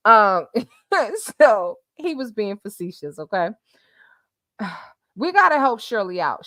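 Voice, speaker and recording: A woman hosting a casual live stream, reading messages and viewer comments aloud with animated, laughing commentary. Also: medium pitch, dry recording, studio quality.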